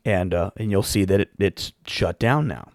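A man casually telling a long personal story as a podcast host, rambling with frequent restarts and throat-clearing. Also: low-pitched, normal speed, dry recording, clean studio sound.

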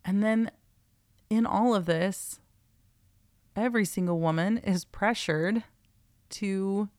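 A woman's voice: mid-range voice, takes it slowly, a little mellow, dry recording. A woman hosting a podcast in a casual, earnest and encouraging way, her voice close to giving out. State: nearly losing her voice. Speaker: podcast host.

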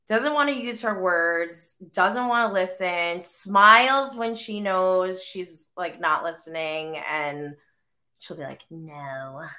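Woman, 30s, podcast host, unhurried rambling chat, bright tone, flu cough. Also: medium pitch. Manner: rambling, full of "like" fillers. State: getting over the flu, coughing. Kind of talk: casual chat.

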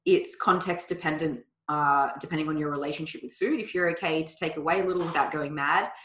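Woman, Australian accent, low voice, playful podcast banter, echoey room. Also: a bit bright. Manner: playful, chatty, drawn-out words. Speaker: podcast co-host. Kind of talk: casual chat.

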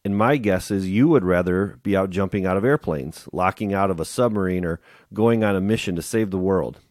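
A man reading aloud the lines of a blunt, fatherly veteran navy master chief in a plain-spoken, steady way. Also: deep voice, brisk, dry recording, studio quality, natural voice.

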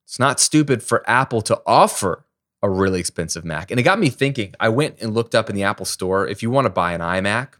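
Low-voiced man chatting on his podcast. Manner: lively, conversational storytelling with everyday examples. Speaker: podcast host. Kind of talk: casual solo podcast teaching.

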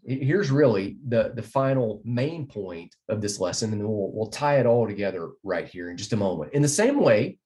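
A man's voice: medium pitch, a little mellow. A man teaching a recorded Bible lesson, explaining verses earnestly and repeating key phrases as he walks through slides.

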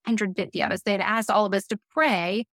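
A woman's voice: mid-range voice, steady tone, brisk, a bit bright, no room sound. A middle-aged woman, a podcast guest, telling a personal story earnestly and with feeling, laughing now and then. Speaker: podcast guest, business leader.

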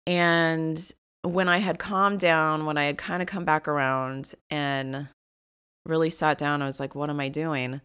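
A woman with a low, smooth and resonant voice tells a personal story on her podcast. She speaks candidly and confessionally, and she grows animated as she relives heated moments. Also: a little slow. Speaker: podcast host.

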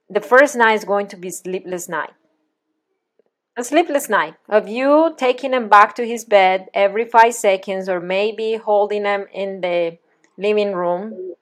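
A woman parenting coach leading a one-on-one session in a gentle, guiding, reassuring manner. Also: medium pitch.

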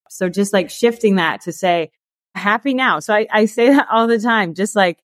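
A woman's voice: mid-range voice, no room sound. Chatty woman guest, dry close sound. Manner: chatty, peppered with "like" and laughs. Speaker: guest, author and coach. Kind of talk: casual interview chat.

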